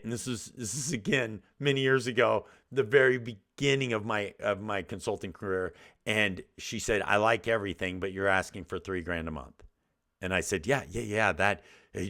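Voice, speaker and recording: A middle-aged man gives a motivational talk as a host. His voice sits a little low but sounds bright and forceful. He tells his stories earnestly, often restarting his sentences. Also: vocal fry. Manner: earnest storytelling with self-quotes and restarts. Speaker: podcast host.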